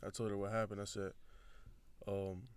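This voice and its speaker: A man's voice: fairly low pitch, normal speed, smooth, dry recording. A young man, a football recruit, telling a long story in casual chat and acting out the dialogue. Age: young adult. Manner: animated, acts out quoted dialogue.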